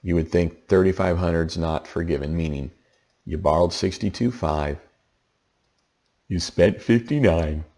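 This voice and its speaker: A man's voice: sits low, measured pace, dark tone. A man giving a casual tax lesson late at night, sounding tired and checking in with frequent "okay?" as he explains. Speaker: tax educator.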